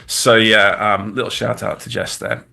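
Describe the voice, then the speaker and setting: A man's voice: lowish voice, flat delivery, moderate pace, gravelly, pushed and bright. A man from the UK in his thirties with a British accent, chatting casually as a guest designer on a livestream, rambling with many restarts.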